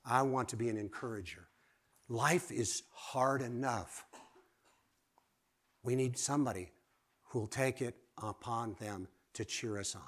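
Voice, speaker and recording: A man delivers a sermon in an ordinary mid-pitched voice. He talks to his listeners like friends, quizzing them directly. His delivery rises to emphatic exclamations and sinks to hushed asides. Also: unhurried, long pauses. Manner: lively, rising to exclamations and dropping to quiet asides; asks the audience direct questions. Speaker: preacher.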